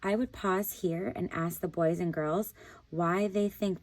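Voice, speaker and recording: A woman teacher reading a picture book aloud in a calm, deliberate narrating voice. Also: fairly low pitch, dry recording.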